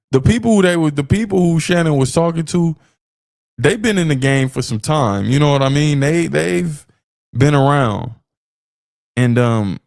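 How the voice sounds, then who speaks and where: A man hosting a podcast, giving opinionated commentary in an animated way, repeating phrases for emphasis and laughing between points. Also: fairly high pitch, a little slow, creaky, pauses often, dry recording, clean studio sound. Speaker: podcast host.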